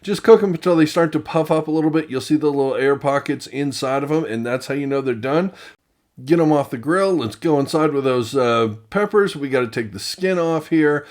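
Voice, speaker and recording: A man's voice: fairly high pitch, fairly quick, a little mellow, roomy sound. A man hosting a casual cooking demonstration, chatty, with self-deprecating asides. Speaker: cooking show host. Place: outdoor grill and home kitchen.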